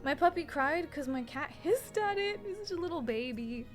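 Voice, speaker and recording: A woman's voice: high-pitched, animated, moderate pace, soft background music. A young adult woman streaming from home, chatting casually and rambling with frequent swearing while she does her makeup. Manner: rambling and profane, chatting with viewers.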